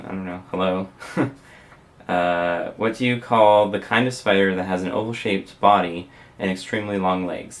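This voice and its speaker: Young Canadian man, low voice, hesitant and casual, filler-heavy vlog delivery. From Windsor, Ontario, Canada. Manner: hesitant, frequent uh fillers, soft-spoken. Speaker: vlogger. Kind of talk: casual accent challenge reading.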